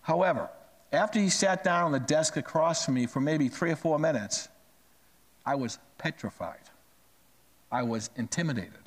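A middle-aged male pastor delivering a sermon in a conversational storytelling way, dropping to hushed asides and rising on emphatic phrases. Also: fairly high pitch, expressive, normal speed, pauses often.

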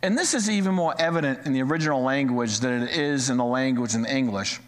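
A male pastor preaching a sermon to a live-streamed congregation, animated and repeating phrases for emphasis. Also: mid-range voice, quick pace. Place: church sanctuary, live-streamed. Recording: long hall reverb.

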